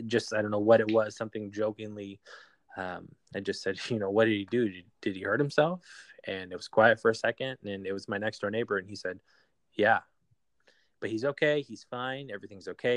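A man telling a painful personal story in an interview, halting with many fillers and restarts. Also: lowish voice, no echo. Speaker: guest.

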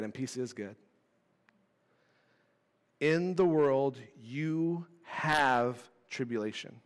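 A man in his thirties preaching a casual, animated sermon with self-deprecating asides. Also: on the high side, big-room sound. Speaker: pastor. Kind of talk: conversational sermon.

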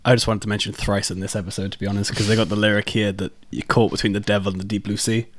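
Fast-talking low-voiced man. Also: flat delivery. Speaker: podcast co-host. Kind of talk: casual chat.

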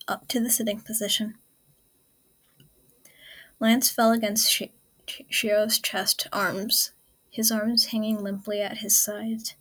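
A woman reading a story aloud in a soft, whispery, intimate voice. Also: medium pitch. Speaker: fan fiction reader. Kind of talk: hushed story narration.

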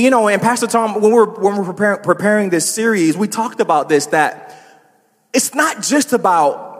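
A man's voice: high voice, slightly rough, long reverb tail. A man preaching a sermon as a pastor, talking casually to the congregation with asides and laughs.

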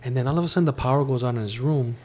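A man hosting a podcast, retelling a show in a loose, animated way with lots of laughter. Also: medium pitch, very fast. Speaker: podcast host. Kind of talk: casual chat.

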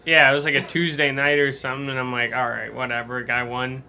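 A man's voice: mid-range voice, level tone, fast, sharp tone, slight background noise. Laid-back man with a mid-range voice. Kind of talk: casual storytelling.

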